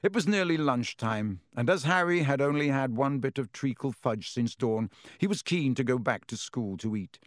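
A man narrating a storybook in an even, measured reading. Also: mid-range voice, dry recording, studio quality. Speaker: audiobook narrator.

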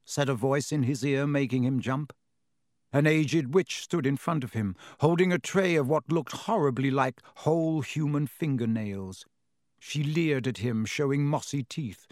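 A man narrates a storybook with measured, expressive pacing. His voice sits at a middle pitch. The recording is close and dry, with no room sound. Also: no echo. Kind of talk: audiobook narration.

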